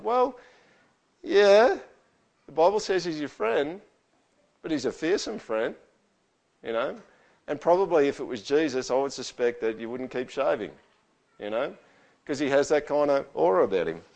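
Male pastor, casual conversational sermon, animated in quotes. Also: on the high side, normal speed. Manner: conversational, animated when quoting.

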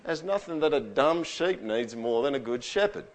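A man preaching a sermon to his church. He swings from near-whispers to loud, booming scripture quotes and often asks the room to answer back. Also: animated, moderate pace. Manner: asks the congregation for agreement. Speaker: pastor. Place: church hall with live sound. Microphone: stage microphone through a sound system.

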